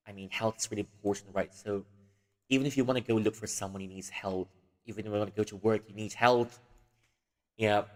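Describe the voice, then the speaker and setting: A man hosting a casual livestream who rambles and giggles, with a long reverb on the recording. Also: on the low side. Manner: rambling, giggly, full of fillers. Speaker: livestream host.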